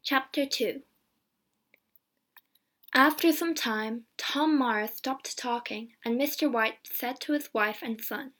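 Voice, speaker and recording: Woman, storybook narrator, clear and measured, slow pace, slightly high voice.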